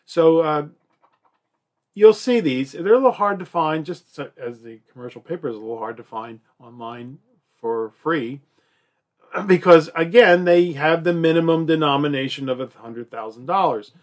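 A man's voice: fairly high pitch, animated, normal speed. A male college instructor giving a recorded lecture in a chatty, joking way, with many fillers and acted-out quotes.

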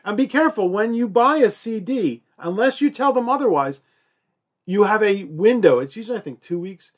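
A man's voice: high-pitched, animated, normal speed. A male college instructor giving a recorded lecture in a chatty, joking way, with many fillers and acted-out quotes.

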